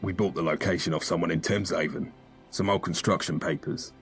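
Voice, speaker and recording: A man's voice: sits low, fairly even intonation, a little fast, soft background music. A man doing a blunt London gang thug. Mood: offhand. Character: laid-back male London gang member.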